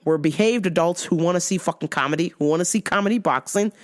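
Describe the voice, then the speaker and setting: A woman's voice: on the low side, quick pace. A woman hosting a casual chat show who swears freely, laughs often and tells stories animatedly. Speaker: host.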